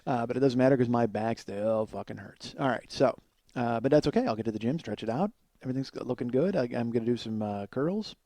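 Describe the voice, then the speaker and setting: A man's voice: medium pitch, expressive, fairly quick, warm tone, dry recording. A man in his forties telling stories in a comedic monologue, rambling with frequent fillers and chuckling as he goes. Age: 40s. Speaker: podcast host.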